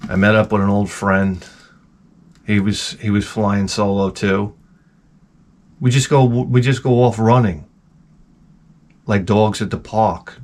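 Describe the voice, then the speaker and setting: This host, a middle-aged Long Islander with a voice on the low side, rants profanely through a rambling comic monologue. He tells his stories animatedly, restarting often.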